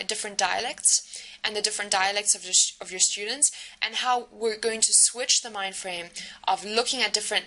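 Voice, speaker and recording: Woman teaching a recorded lecture, bright tone, lots of ums and "right?". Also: mid-range voice, poor audio. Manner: explanatory, many fillers and tag questions. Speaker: university lecturer.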